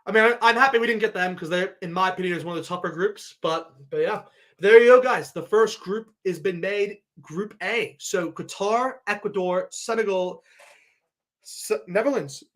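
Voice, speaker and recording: A man giving a live reaction to a sports draw, excitable and thinking aloud as he keeps addressing his viewers. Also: sits high, moderate pace. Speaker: sports vlogger.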